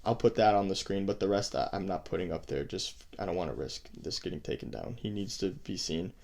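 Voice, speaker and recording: A man's voice: deep voice, brisk, gravelly, a little mellow. Disgusted man venting with heavy swearing. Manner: profane, disgusted, heated. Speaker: host. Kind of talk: angry commentary reading chat logs.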